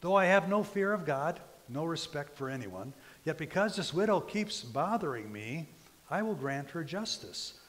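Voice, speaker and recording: A man's voice: a little high, sing-song, normal speed, a bit bright, long reverb tail. A man reading aloud as a weary, unjust judge muttering a grudging decision to himself. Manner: grudging inner monologue.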